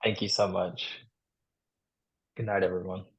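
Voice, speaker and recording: A man with a low, gravelly voice hosts a virtual seminar over a video call. He thanks his guest warmly but haltingly, with many fillers. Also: level tone, muffled recording. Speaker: seminar host. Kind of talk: closing thanks.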